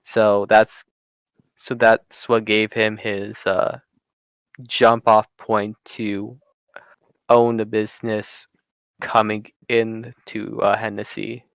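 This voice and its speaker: A man narrating as game master in a tabletop game over voice chat, halting and full of fillers. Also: fairly low pitch, flat delivery, smooth, no room sound. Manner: halting, many fillers and restarts.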